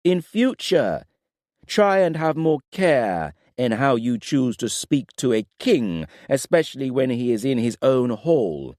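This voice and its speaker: A man voicing a proud, stern king who speaks in a forceful, clipped, lecturing way. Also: medium pitch, big pitch swings, measured pace, no room sound, studio quality, pitched above the performer's own voice.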